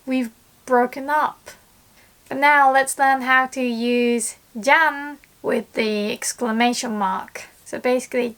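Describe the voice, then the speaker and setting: A woman teaching Japanese in a casual video lesson, chatty and quick to act out example lines. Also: a little high, fairly bright tone.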